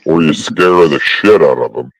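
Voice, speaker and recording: A man's voice: extremely low pitch, animated, normal speed, dry recording, poor audio. A man making blunt, crude wisecracks in a casual online chat. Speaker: panel participant.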